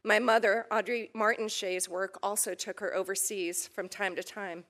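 An earnest woman in her fifties from the United States delivers formal prepared testimony before a committee. Her voice is measured and steady, carries at a middle pitch, and now and then turns emotional. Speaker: ambassador nominee testifying. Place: committee hearing chamber.

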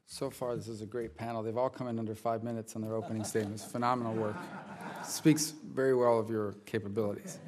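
A man's voice: fairly low pitch, little pitch movement, quick pace, a little mellow. A man chairing a hearing, making dry, jocular remarks. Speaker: committee chairman.

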